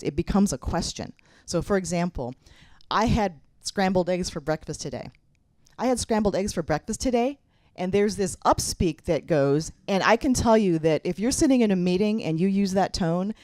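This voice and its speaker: Middle-aged woman, low pitch, dry close sound, candid keynote speaker with a direct way of advising. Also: mellow, dry recording. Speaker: mayor giving a keynote speech. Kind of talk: conference keynote speech. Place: conference hall.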